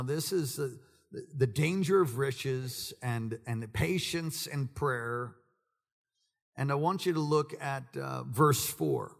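A man preaching a sermon to his congregation, swinging between calm teaching, humorous asides and loud, high-pitched passionate preaching. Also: vocal fry, big-room sound. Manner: builds to loud, high-pitched preaching, then drops low and conversational. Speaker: pastor. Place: church sanctuary with congregation.

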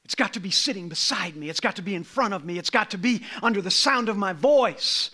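A middle-aged man preaching a sermon, swinging from low, quiet passages to loud, raised ones. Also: lively intonation, brisk, husky.

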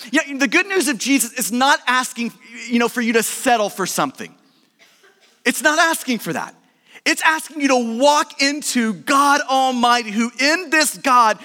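High, forceful preacher man in reverberant hall. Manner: emphatic preaching that swells to shouts. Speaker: pastor. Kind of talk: sermon.

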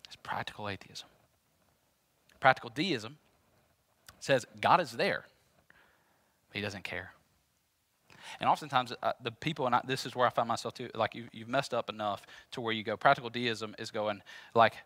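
Guy preaching a sermon, really bright voice, dry close sound, keeps hammering points over and over. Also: mid-range voice, moderate pace, long pauses, dry recording. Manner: emphatic, repetitive, conversational preaching. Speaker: pastor.

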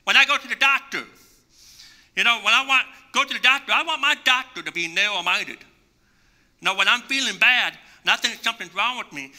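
A man's voice: very high-pitched, brisk, sharp tone. A man preaching a sermon as pastor, emphatic and repetitive, acting out imagined conversations to make his point. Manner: emphatic preaching with repeated phrases; acts out imagined dialogue for illustration.

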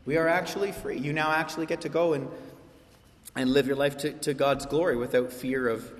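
A man's voice: on the high side, fairly even intonation, brisk. A man preaching a sermon as a pastor, passionate and emphatic, acting out quoted voices. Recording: echoey hall with long reverb.

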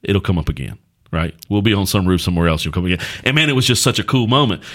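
A man's voice: sits low, animated, fast, fairly bright tone. A middle-aged man, a pastor hosting a podcast, telling a folksy story in casual chat.

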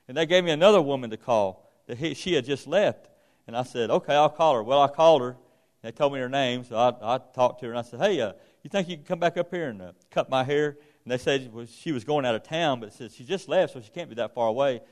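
A man's voice: medium pitch, expressive, a little fast. A man giving an informal sermon, telling a rambling personal story in a folksy way with many restarts. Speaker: preacher.

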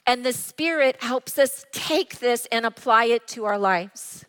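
A middle-aged woman pastor preaches in a church, the hall adding a long reverb. Her voice is a little high, clear, resonant and a bit bright, and she speaks a little slowly with few pauses, earnestly telling personal stories and acting out quotes.

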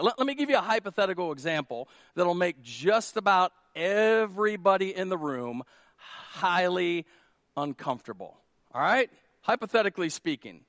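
A man pastor preaching a sermon to his church in a loose, conversational way, making jokes and then hammering key lines by repeating them louder. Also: high-pitched, no room sound, clean studio sound. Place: church sanctuary.

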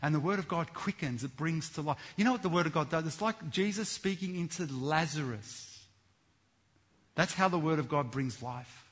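A man preaching a sermon, swinging between loud fervent exhortation and hushed earnest appeals. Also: fairly high pitch, normal speed, breathy edge.

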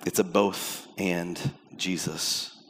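A man's voice: sits low, fairly even intonation, takes it slowly, a little hiss or hum. A man preaching a sermon as pastor, acting out the voices in the passages he quotes. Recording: long hall reverb.

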